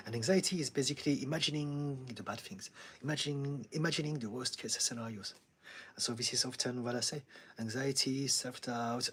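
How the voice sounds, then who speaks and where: Hosting a live Q&A stream, this husky-voiced male therapist speaks in a mid-range voice as he reads comments from chat. His manner is calm, steady and reassuring, with frequent light laughter.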